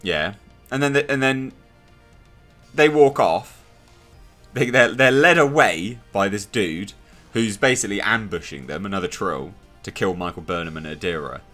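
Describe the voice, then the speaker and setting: A young man talks through a TV episode in a loose, exasperated review. His voice swings widely in pitch and sounds bright and forceful. Faint background music plays under him. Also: expressive, normal speed. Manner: sarcastic, exasperated, mocking impressions. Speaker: TV show reviewer. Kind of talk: casual spoken review.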